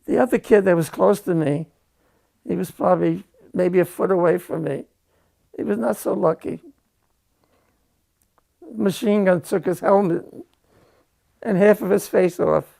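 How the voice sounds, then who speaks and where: An older man giving a halting, emotional personal war testimony, repeating phrases as he recounts. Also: high voice, gravelly, mellow.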